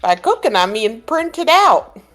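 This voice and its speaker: A woman's voice: high voice, sing-song, unhurried, a bit bright, faint music behind, heavily acted. A woman doing a folksy Minnesota dad. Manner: chirpy, folksy drawl with tag questions. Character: folksy Midwestern dad, cheerful and homey.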